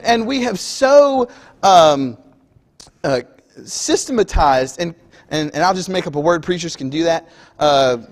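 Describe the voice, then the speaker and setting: Male preacher, high voice, conversational sermon with acted-out scenes, long hall echo. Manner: conversational, acts out everyday scenes. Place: church auditorium.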